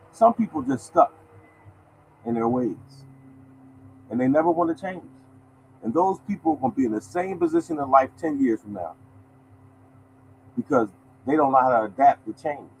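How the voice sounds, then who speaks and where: A man's voice: mid-range voice, expressive, measured pace, pauses often, darkish tone, a little hiss or hum, poor audio. A man hosting a lottery podcast in a casual, emphatic monologue, repeating his points and calling listeners y'all.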